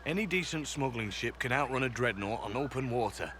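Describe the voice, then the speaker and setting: A man voicing a calm, disciplined soldier. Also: medium pitch, background noise, natural voice. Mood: matter-of-fact. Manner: measured, matter-of-fact briefing. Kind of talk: video game dialogue.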